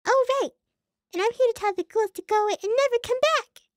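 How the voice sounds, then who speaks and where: A woman's voice: very high-pitched, fast, no echo, studio quality. A woman voicing a cheerful, naive little pony filly in a fan audiobook, with a sweet, innocent, bubbly manner. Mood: eager.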